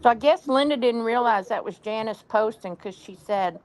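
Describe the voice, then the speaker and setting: A woman's voice: a little high, moderate pace. A woman hosting a livestream and chatting in a dry, matter-of-fact way. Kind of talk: casual chat.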